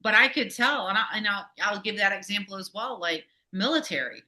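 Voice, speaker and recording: A woman guest, a Navy veteran and former store manager, talking in a casual podcast conversation in an animated, emotional, in-your-face way. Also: medium pitch, a little fast.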